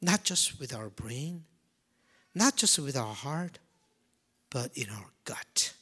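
A man preaching a sermon, swinging from loud emphasis to hushed near-whispers and repeating key phrases slowly. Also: medium pitch, very animated, husky. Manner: slow, deliberate delivery with repetition.

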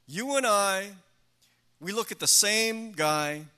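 An exasperated, scornful working-class TV father, put on by a man mid-sermon. He sneers at his wife with a bright, forceful edge. The delivery is short and dismissive. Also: high voice, lively intonation, slow pace, clean tone, voice pushed up, full character voice.

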